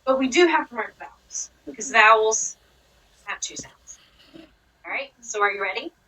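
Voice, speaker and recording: Bright Southern woman teaching phonics. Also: fairly high pitch, moderate pace, slightly rough, far from the mic, low-quality recording. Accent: Southern US (Georgia). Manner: encouraging, praising and explaining patiently to a child. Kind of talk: one-on-one reading lesson.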